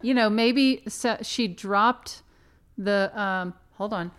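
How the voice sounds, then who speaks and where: A woman co-hosts a podcast in relaxed conversation, arguing her theories with a teasing, playful streak. Her voice is smooth and clear, sitting in a middle pitch. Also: slow. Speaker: podcast co-host. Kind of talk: casual chat.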